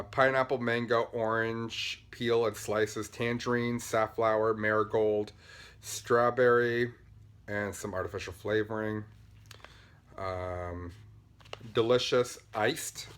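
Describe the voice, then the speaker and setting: A man with a somewhat low voice talks in a loose, rambling, upbeat way, full of ums and asides. He sounds buzzed on caffeine and talks fast as he shows things off in a casual podcast chat. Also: a bit bright, smooth. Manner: chatty, rambling, upbeat, with many fillers. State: buzzing on caffeine, talking fast. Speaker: podcast host. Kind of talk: casual show-and-tell chat.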